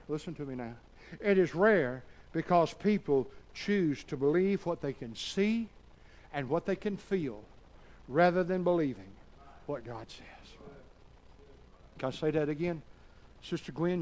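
A man preaching a sermon to a church congregation, shifting from quiet talk to shouted passages and calling out for amens. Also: fairly high pitch, lively intonation, a little slow. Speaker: pastor.

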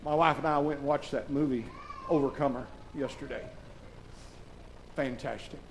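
A pastor, preaching a sermon. He swings from shouted, fervent preaching to soft, tearful confiding in a church. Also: medium pitch, steady tone, normal speed, slight background noise, rough recording. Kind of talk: emotional sermon. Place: church sanctuary.

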